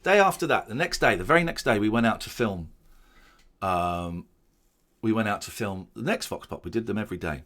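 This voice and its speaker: A man chatting casually as host, commenting on his old show with excitable, animated asides. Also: lowish voice, a little fast. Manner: excitable, animated, jumping into quoted voices.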